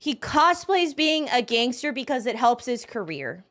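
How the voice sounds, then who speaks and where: A woman's voice: fairly high pitch, unhurried. A woman streamer giving casual, profane reaction commentary, rambling with lots of fillers and restarts. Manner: animated, laughing bursts.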